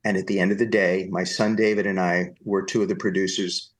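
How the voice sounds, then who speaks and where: A man from New Jersey, a podcast guest, telling long stories in an animated way and acting out the people he quotes. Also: sits low, brisk. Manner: animated anecdotal storytelling, acts out quoted voices. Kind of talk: storytelling interview.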